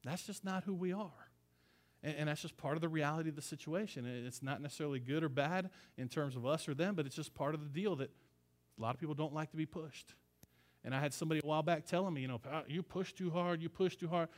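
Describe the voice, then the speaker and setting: A male pastor delivers a sermon in a relaxed, conversational way. He speaks a touch higher than most men. He stresses his points firmly and drops in slangy asides. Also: fast talker. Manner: casual and emphatic, slangy asides.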